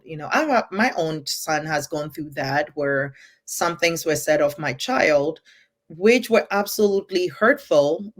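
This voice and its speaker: Emphatic woman co-hosting a podcast. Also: low-pitched. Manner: emphatic, persuasive, often tags "right?". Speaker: podcast co-host. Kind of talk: earnest conversational podcast talk.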